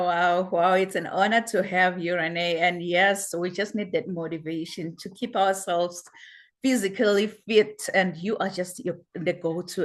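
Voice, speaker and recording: A woman hosting an online talk show, effusive and full of praise, often repeating exclamations. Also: lowish voice. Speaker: host. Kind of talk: enthusiastic interview show hosting.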